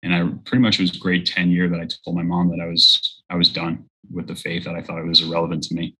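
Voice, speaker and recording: Guy in his 30s, deep and kinda husky, earnest storytelling in an interview. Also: monotone, fast, bright, forceful tone, rough recording. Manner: earnest storytelling, acts out quoted voices. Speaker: guest. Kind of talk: personal testimony in conversation.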